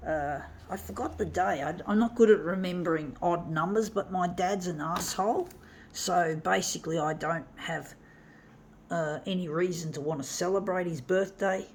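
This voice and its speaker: A woman talking to camera in a casual monologue, blunt and swearing freely, with halting restarts. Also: on the low side, slight background noise. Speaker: vlogger.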